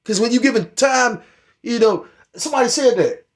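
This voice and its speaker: A man's voice: extremely high pitch, normal speed. A middle-aged man giving rambling, profane commentary on scripture and current events, heated and full of restarts. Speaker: religious commentator.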